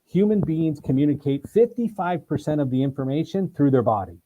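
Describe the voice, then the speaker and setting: Casting note: animated male sales coach, mellow tone, slightly high voice, demonstrates lines in different voices. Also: fairly quick, highs cut off, a little hiss or hum. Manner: energetic, emphatic, acts out examples in voices. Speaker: sales trainer. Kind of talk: interview guest, animated teaching.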